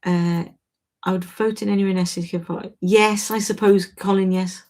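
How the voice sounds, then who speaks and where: A woman's voice: medium pitch, steady tone, a little fast, a little mellow. A woman hosting a casual livestream, reading out viewers' names and chatting frankly, often breaking off and restarting her sentences. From Wales. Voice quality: chatty, self-interrupting, frank. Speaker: livestream host. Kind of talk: casual live chat reading viewer comments.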